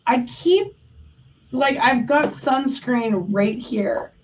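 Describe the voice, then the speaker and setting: A chatty woman on a live stream, talking casually and swearing easily, her words full of "like". Her voice sits on the high side and comes from away from the mic. The recording is dull and lo-fi. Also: animated, very slow, distant mic. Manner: chatty, swears, lots of "like" fillers. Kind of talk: casual chat.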